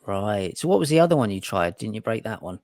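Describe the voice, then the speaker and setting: A man's voice: lowish voice, sing-song, quick pace, darkish tone, dry recording, clean studio sound. A man, trading laid-back, sweary banter as a podcast host. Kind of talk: casual chat.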